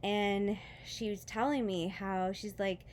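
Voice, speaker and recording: A woman speaks in a casual vlog, telling a personal faith story. She is tearful and rambling, with fillers and restarts, and laughs softly between words. Her voice sits at an ordinary middle pitch, with a faint hum of room ambience behind her. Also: fairly even intonation, takes it slowly. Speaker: vlogger.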